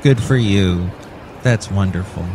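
A man's voice: deep voice, a little slow, noisy background. A man hosting a zany comedy podcast with playful mock-announcer delivery. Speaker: podcast host. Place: Northern California.

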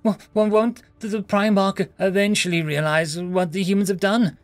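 A man's voice: sits high, lively intonation, fairly quick, no room sound, soft background music, voice pushed up. Man doing a stammering young alien. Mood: nervous. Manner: stammering, tentative. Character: nervous young male alien spawn.

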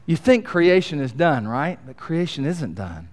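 A middle-aged man delivers a sermon as pastor, his voice sitting a little high for a man. He jokes with the congregation and swings between hushed, confiding asides and loud, excited emphasis. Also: unhurried. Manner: animated, jokey, swings from quiet to booming.

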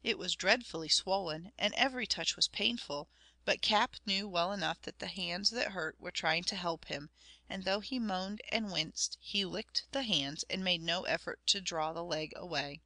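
Brief: woman narrator, bright forceful tone, measured storytelling, dry close sound. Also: lowish voice, no room sound. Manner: measured storytelling, addressing the listener. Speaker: audiobook narrator. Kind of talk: scripted narration.

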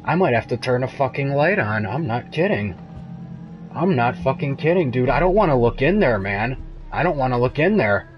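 A young man streams a horror game, muttering nervously, cursing and letting out frightened yelps as he comments live. His medium-pitched voice has lively intonation at a normal speed, and the audio sounds dull.

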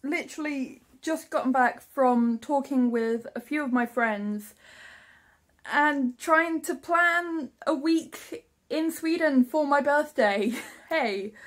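A young woman from England talks to her camera in a chatty, giggly vlog style. Her voice sits high, and she takes her time with each thought. She laughs at herself often. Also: takes it slowly, fairly bright tone. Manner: chatty, giggly, self-mocking. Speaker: vlogger. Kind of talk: casual vlog talk.

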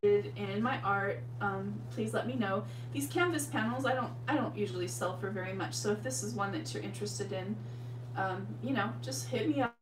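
A woman with a medium-pitched voice and moderate pace hosts a painting livestream, chatting casually and warmly with viewers she calls "you guys." The room is echoey, the mic sits at a distance, and a steady hum runs underneath.

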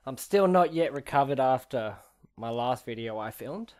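A young man with an Australian accent hosting a reaction channel, excitable, laughing often and firing off slangy exclamations. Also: medium pitch, moderate pace. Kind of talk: casual reaction commentary.

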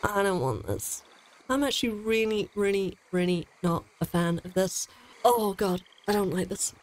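A woman commenting on her gameplay as a let's play host, excitable and jumpy, swearing often. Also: medium pitch, moderate pace. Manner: excitable, swears a lot, jumpy and easily scared.

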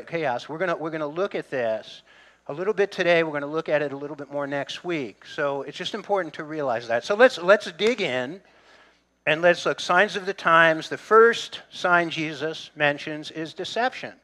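A man's voice: a little high, sharp tone. A middle-aged male pastor preaching a sermon in a conversational way, with humor and asides to the congregation.

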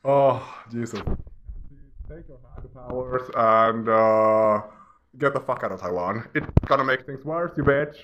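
A man's voice: medium pitch, measured pace, highs cut off, noisy background. A man giving a casual, mocking rant as he browses online, often laughing at his own jabs. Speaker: vlogger. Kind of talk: casual ranting commentary while browsing.

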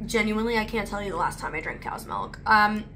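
This snack-tasting vlogger, a young adult woman, talks fast in a medium-pitched voice over background noise. She chats casually and rambles, constantly using "like."

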